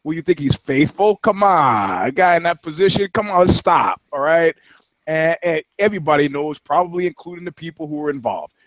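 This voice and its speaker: A man with a fairly high, expressive voice talks briskly as a podcast co-host, swapping casual banter and rambling through profanity-laced anecdotes. The audio is dry and somewhat dull.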